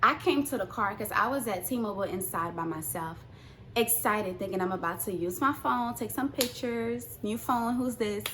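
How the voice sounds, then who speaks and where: Animated young woman telling a storytime. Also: medium pitch, moderate pace, slight background noise. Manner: animated, acts out quotes, swings between hushed and loud. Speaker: vlogger. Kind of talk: casual storytime.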